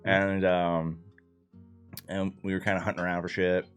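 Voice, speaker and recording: A man's voice: low-pitched, level tone, moderate pace, smooth, soft background music. A man loosely recapping a tabletop game session in casual, profane talk full of fillers. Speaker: player recapping the campaign.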